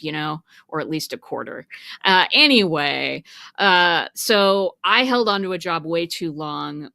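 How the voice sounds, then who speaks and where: A woman with a bright, forceful, slightly low voice tells stories on a podcast. She is animated and full of 'uh' fillers, chatting casually over a video call. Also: gravelly, no room sound. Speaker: guest, business owner.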